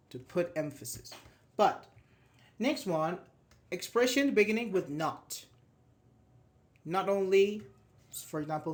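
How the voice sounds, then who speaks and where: A man teaching an English grammar class, explaining step by step with example sentences and frequent restarts. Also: fairly high pitch. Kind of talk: live online grammar class.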